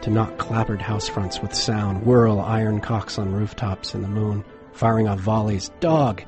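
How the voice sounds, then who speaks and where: A man narrating a horror story in a measured, dramatic way, dropping to a hush for suspense. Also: on the low side, fairly even intonation, over music.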